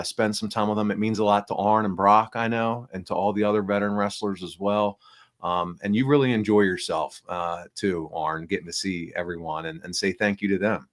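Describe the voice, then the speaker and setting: Congested low-voiced man hosting a podcast. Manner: upbeat, rambling with fillers. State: nasal and congested from flu. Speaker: podcast host. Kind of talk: casual podcast chat. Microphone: small backup microphone.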